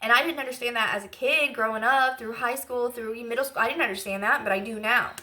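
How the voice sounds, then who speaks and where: A woman's voice: a little high, fast talker, sharp tone. A woman giving a casual channeled tarot reading, chatty and emotional, rambling with lots of fillers. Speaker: intuitive tarot reader.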